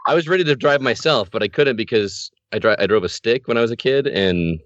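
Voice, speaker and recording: A man in relaxed casual chat, telling a story and laughing as he goes. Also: mid-range voice, a little fast, dry recording. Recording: dry muffled sound.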